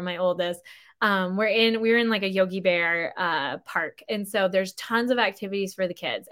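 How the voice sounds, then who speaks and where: Bright-voiced chatty woman telling a story. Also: medium pitch. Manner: chatty, animated, acts out quoted dialogue. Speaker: podcast host. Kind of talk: casual storytelling monologue.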